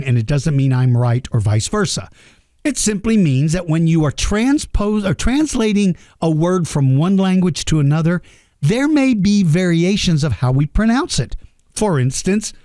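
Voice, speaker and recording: A man hosts a kids' podcast in a loose, rambling way, joking and laughing at his own tangents. His voice sits fairly high and swings up and down a lot, and the sound is close and dry. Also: darkish tone, no room sound. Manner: rambling and jokey, laughs at himself. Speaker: podcast host. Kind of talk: casual podcast talk for kids.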